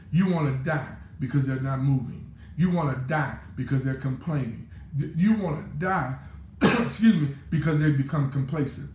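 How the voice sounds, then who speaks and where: A man preaching a sermon, building through repetition and rising into shouts. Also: fairly high pitch. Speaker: pastor. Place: church sanctuary. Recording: echoey church with faint room noise.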